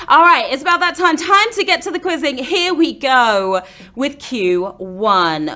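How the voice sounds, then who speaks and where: A woman's voice: a little high, sharp tone. A woman hosting a live quiz show in a playful, teasing, upbeat manner. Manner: bubbly, playful, teasing the players.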